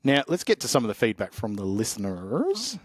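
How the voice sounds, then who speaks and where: A young man hosts a casual podcast chat, joking and rambling as he works through listener posts. His pitch swings widely as he talks. The sound is close and dry. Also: huge pitch swings, fairly quick, no echo. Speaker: podcast host.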